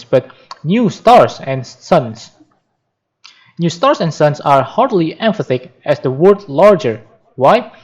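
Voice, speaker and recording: A man's voice: on the high side, a little mellow. A man, a native Spanish speaker, reading a book aloud for practice, carefully, with occasional slips and restarts. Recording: dull lo-fi sound.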